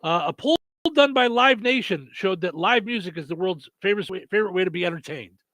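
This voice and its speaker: A man's voice: high voice, expressive, fairly quick, a bit bright, no echo. Rambling radio morning show host, man. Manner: rambling, lots of fillers and restarts. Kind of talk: casual radio chat.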